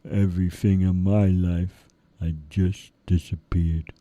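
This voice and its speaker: A lonely little teddy bear from a storybook, as a man puts her on, speaking in a very dark, low voice and very slowly. Every word comes out heavy. The recording is dull and muffled. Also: flat delivery, no echo. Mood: sad. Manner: slow and heavy. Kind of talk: storybook reading.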